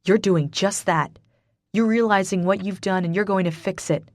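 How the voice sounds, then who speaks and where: A woman voicing a steady, firm male friend. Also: medium pitch, moderate pace, no echo, clean studio sound, lightly acted. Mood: firm, calming. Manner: firm, calming, blunt. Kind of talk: audiobook character voice.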